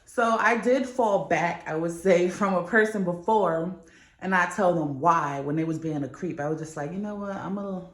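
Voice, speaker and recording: A woman's voice: fairly low pitch, moderate pace, reverberant. A young woman vlogging in a casual, candid chat, swearing freely as she tells a story. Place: New York.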